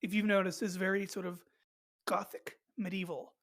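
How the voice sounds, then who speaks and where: A woman's voice: medium pitch, level tone, moderate pace. Chatty podcast host woman, rambling. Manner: rambling, many fillers and restarts. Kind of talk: casual chat.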